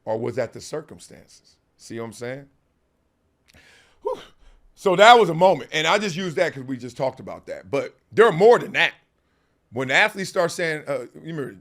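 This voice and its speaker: In his lively talk-show monologue, a middle-aged male host uses a slightly high, somewhat bright voice. His speech is slangy and forceful, full of laughter and mocking impressions of others in exaggerated quotes.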